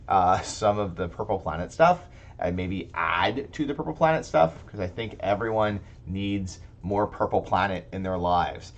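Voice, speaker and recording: A man hosting a casual tabletop gaming podcast, rambling and restarting his sentences as he talks. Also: sits low. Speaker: podcast host. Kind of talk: casual chat about tabletop games.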